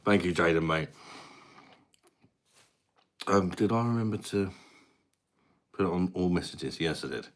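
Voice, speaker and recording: Talking at a measured pace with long pauses, this man in his thirties from England has a low voice. He hosts a casual stream from his mum's house, chatting matily with viewers, answering their comments and reading their names.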